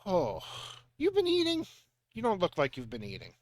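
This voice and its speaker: A man's voice: high voice, huge pitch swings, normal speed, dry recording, clean studio sound, voice pushed up. A man voicing a fussy, doting middle-aged mother in a put-on vague Eastern European accent, scolding and fretting.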